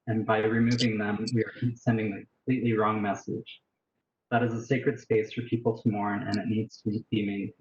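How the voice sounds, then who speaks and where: A man with a lowish, flat voice reads his public comment plainly and steadily. His call sounds roomy and muffled, with a faint hiss underneath.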